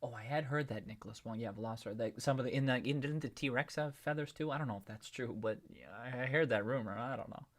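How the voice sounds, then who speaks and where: Male live stream host, mid-pitched, jokey and loose, rambling chat with restarts. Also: fast, hardly any pauses. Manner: playful and joking, greeting chat viewers by name.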